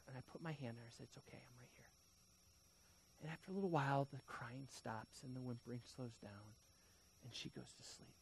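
Pastor swinging from loud to hushed. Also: male voice, a little high. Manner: swings from loud emphasis to hushed near-whisper; storytelling, direct address to the congregation. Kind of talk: sermon.

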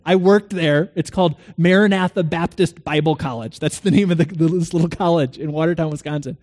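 Man, middle-aged pastor, earnest sermon, slightly high voice, loud questions then hushed lines. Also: normal speed. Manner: storytelling with quoted dialogue.

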